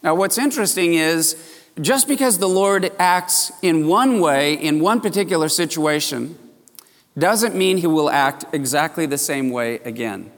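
A male pastor preaching a sermon, telling the story with animated exclamations and acting out the disciples' voices. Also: a little high, measured pace, big-room sound.

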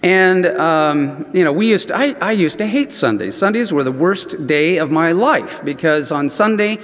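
A man preaching a sermon as a chatty personal story, animated and full of "you know" asides. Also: a little high, moderate pace. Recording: long reverb in a large hall.

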